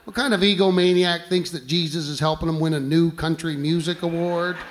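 A man's voice: fairly high pitch, steady tone, brisk, slight background noise. A man doing a stand-up comedy routine on a club stage, mocking his targets and firing rhetorical questions at the audience.

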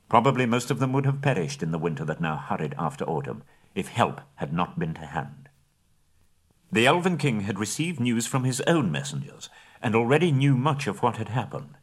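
Deep-voiced male audiobook narrator. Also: slightly rough. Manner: dramatic, swelling at action, hushed at endings.

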